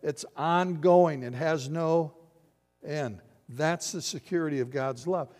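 An older man preaching a sermon as pastor, swinging from loud emphatic lines to quiet hushed ones. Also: on the high side, slow. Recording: long hall reverb.

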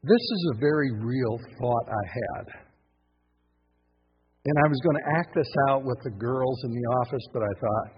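A man preaching a sermon, full of questions and playful asides, dropping to a hush and then bursting out loud. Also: mid-range voice, expressive, moderate pace, husky, big-room sound, highs cut off. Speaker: pastor.

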